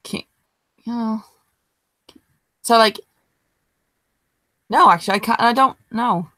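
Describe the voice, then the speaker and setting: A woman's voice: on the high side, unhurried, pushed and bright, no room sound, rough recording. A hungover woman, co-hosting a podcast over a video call and talking bluntly with swearing and laughs. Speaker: podcast co-host. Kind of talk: casual chat.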